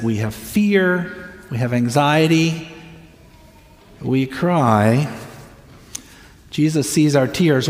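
An older man preaching a sermon as a pastor, slow and earnest, stretching his words with long pauses. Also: fairly high pitch. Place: church sanctuary. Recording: echoey hall, voice from a distance.

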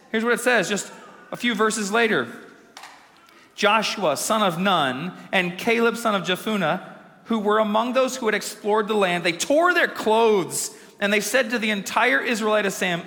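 High, bright-voiced preacher man in a hall. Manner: energetic, emphatic preaching with dramatic slow pauses. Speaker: pastor. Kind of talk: sermon. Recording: long hall reverb.

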